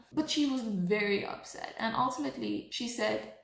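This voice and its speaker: A young woman telling a storytime vlog in an animated way, acting out what people said. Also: sits high, quick pace, creaky, hardly any pauses. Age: young adult. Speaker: vlogger. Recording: echoey room.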